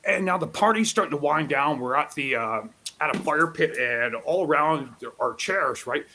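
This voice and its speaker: A man telling a rowdy story in casual live chat, swearing freely and acting out loud quotes. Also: fairly high pitch, normal speed, slight background noise. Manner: profane, animated storytelling with loud acted-out quotes. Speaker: guest storyteller.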